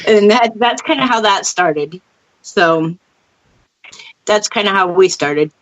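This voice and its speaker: A woman guest talks slowly in short, easygoing replies and laughs often. Her pitch sits mid-range. The sound is dull and lo-fi. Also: expressive. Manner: laid-back, brief replies, laughs often. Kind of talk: casual chat. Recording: dull lo-fi internet radio audio.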